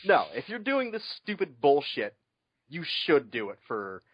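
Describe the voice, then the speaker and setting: A man co-hosting a podcast in casual chat, wry and sarcastic, often pausing on fillers. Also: a little high, wildly swooping pitch, dull audio. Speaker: podcast co-host.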